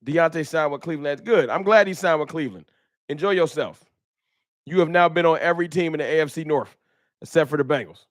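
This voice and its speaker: Animated man ranting on a livestream. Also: fairly high pitch, fast, no echo, clean studio sound. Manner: animated, emphatic, repetitive, slangy. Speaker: host. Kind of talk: casual fan talk livestream.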